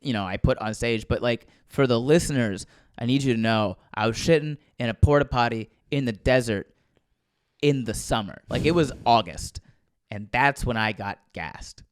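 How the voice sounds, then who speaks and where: A man's voice: mid-range voice, normal speed, no echo, studio quality. A man in his thirties, a stand-up comedian telling a story in casual podcast talk, acting out quotes with lots of swearing.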